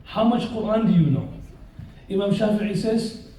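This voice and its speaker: A man preaching to a live audience in a big hall, his voice high and mellow. It rings with heavy echo and sits some way from the microphone. He tells stories and keeps drawing the listeners in with questions and jokes. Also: normal speed. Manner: lively storyteller who questions and jokes with the audience. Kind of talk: live sermon with storytelling. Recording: very roomy echo, voice far from the mic.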